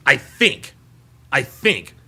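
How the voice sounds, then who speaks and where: A man's voice: mid-range voice, very animated, drawn-out words, gravelly, bright, forceful tone, slightly rough. A man hosting a live podcast, reacting casually and reading viewer comments aloud. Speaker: podcast host.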